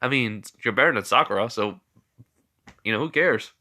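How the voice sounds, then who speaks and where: A cocky young ninja boy from a homemade fan story, bragging in an easy, casual way, as a man voices him. The voice stays close to the man's own middle-pitched speech. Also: animated, normal speed, pushed and bright. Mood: boastful. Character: brash young male ninja, cocky and eager.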